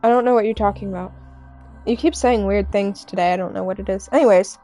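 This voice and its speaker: A young adult woman streaming live and chatting with viewers in a candid, earnest way, halting often with fillers and restarts. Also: mid-range voice, warm tone, soft background music. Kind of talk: casual chat with stream viewers.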